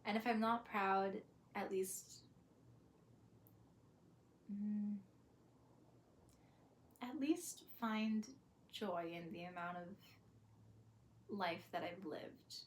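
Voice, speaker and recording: A young woman in a casual, reflective vlog. She talks slowly and softly, feeling her way through each thought with fillers and pauses. Her pitch sits at an ordinary middle level. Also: steady tone. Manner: soft, thoughtful, hesitant with fillers and small laughs. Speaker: vlogger.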